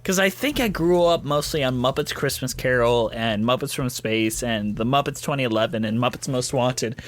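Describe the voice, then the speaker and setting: A man with a medium-pitched voice co-hosts a podcast, chatting casually at a moderate pace. He is giggly and laughs often as he talks.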